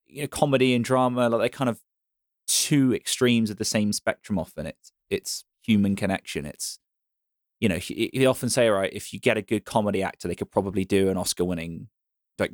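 A man's voice: fairly low pitch, steady tone, a little fast, no room sound, studio quality. A man co-hosting a podcast, talking in an enthusiastic, reflective way. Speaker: podcast co-host. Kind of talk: casual chat.

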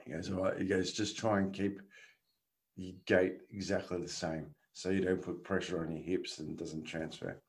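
A man's voice: sits low, normal speed. A man, a guest casually telling a story and laughing through it. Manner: animated, laughs through his stories.

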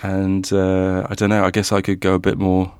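A man's voice: low-pitched, completely flat delivery, moderate pace, a little mellow, clear, resonant tone, no room sound. A man co-hosting a podcast, chatting casually and hesitantly, full of restarts. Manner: hesitant, many fillers and restarts. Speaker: podcast co-host. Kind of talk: casual chat.

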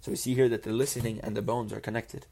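A man's voice: on the low side, little pitch movement, fast, dark tone, husky. Man teaching a Torah lesson. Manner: poses rhetorical questions and answers them; reads Hebrew phrases, then translates each. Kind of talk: religious text lesson.

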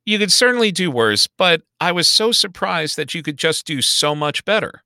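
A man's voice: fairly high pitch, lively intonation, moderate pace, creaky, pushed and bright, no room sound, studio quality. A man co-hosting a podcast, chatting casually and animatedly about movies, with sighs and swearing. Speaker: podcast co-host. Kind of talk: casual movie review chat.

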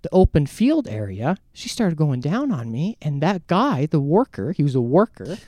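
A man co-hosting a podcast, telling a crude story in casual chat with an animated, profane delivery. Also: fairly high pitch, normal speed, no echo. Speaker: podcast co-host.

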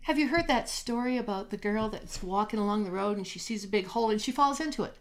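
A woman's voice: medium pitch, fast. A woman coaching on spirituality in a podcast chat, telling stories and acting out voices as she goes. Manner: animated, acts out voices in stories. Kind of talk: casual podcast chat, storytelling.

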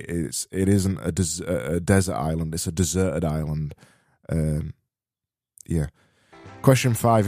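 A man with a South Yorkshire accent hosting a solo podcast, rambling and correcting himself with dry, deadpan humor. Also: sits low, dry recording. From Barnsley, South Yorkshire. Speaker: podcast host.

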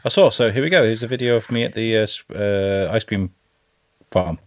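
A man's voice: on the low side, fairly quick, background noise. A man co-hosting a podcast, chatting casually and swearing freely about his week. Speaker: podcast co-host. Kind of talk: casual chat.

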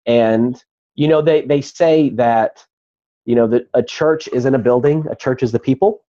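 A man's voice: medium pitch, unhurried, mellow, lo-fi sound. A man, a guest on a talk show, earnestly telling a personal story in conversation.

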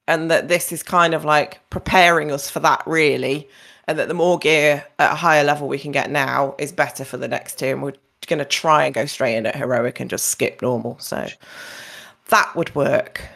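A woman's voice: low-pitched, fairly even intonation, moderate pace, creaky, a bit bright. A woman hosting a podcast, chatting loosely and laughing often between questions. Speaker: podcast host. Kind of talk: casual chat.

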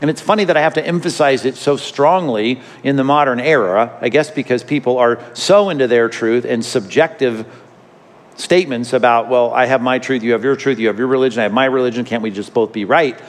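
A man's voice: mid-range voice, a little fast. A man preaching a sermon as a pastor, emphatic and repeating his key phrases. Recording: hall reverb.

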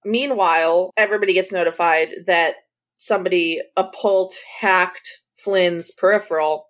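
A woman's voice: fairly low pitch, steady tone, normal speed. A woman co-hosting a casual podcast, animatedly retelling scenes with quoted lines and laughter. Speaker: podcast co-host. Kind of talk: casual recap chat.

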